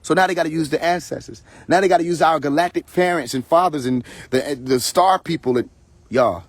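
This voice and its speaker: A man ranting on a live stream from his phone, his voice a little high and husky. He talks in a confrontational, preachy way and keeps repeating phrases. The sound is dry and close. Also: brisk, dry recording. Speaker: livestream host. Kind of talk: heated casual rant on a live stream.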